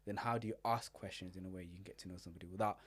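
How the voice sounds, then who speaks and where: A young man talks quickly in a low voice, chatting on a podcast as a relationship coach. He tells stories with lively acted-out voices. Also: breathy edge. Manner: animated storyteller, acts out friends' voices. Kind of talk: casual podcast chat.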